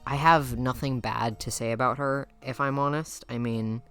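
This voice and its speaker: A woman's voice: extremely low pitch, steady tone, normal speed, a bit bright, smooth, soft background music. A young woman with a Midwestern accent doing playful, teasing roast commentary as a YouTuber, laughing often. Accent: Midwestern American.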